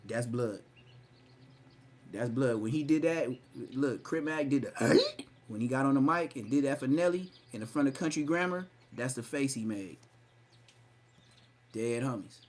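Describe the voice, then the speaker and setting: A man's voice: medium pitch, lively intonation, moderate pace, long pauses. A man hosting a live podcast stream, mocking and roasting someone in a profane, rowdy way. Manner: mocking, profane, loud outbursts. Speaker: podcast host.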